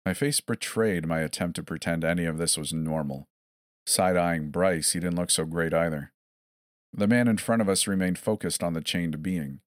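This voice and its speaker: A man's voice: sits low, moderate pace, no echo. A man narrating a first-person horror story in a scripted way, with wry, dry asides.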